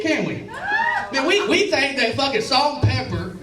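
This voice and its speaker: A Southern man tells stand-up stories in a club, his voice pitched high and swinging all over. He stammers, swears and chuckles through his lines. The sound is roomy and a bit distant from the mic. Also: big pitch swings, normal speed, a crowd in the background. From Alabama and Tennessee. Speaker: stand-up comedian. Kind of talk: stand-up set. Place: comedy club stage.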